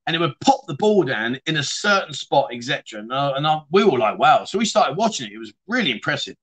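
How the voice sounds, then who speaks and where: This middle-aged man talks fast in a fairly high, husky, sing-song voice with a fairly bright tone. Hosting an informal livestream chat show, he reads viewer comments aloud and rambles into stories, trading matey banter like a chatty storyteller.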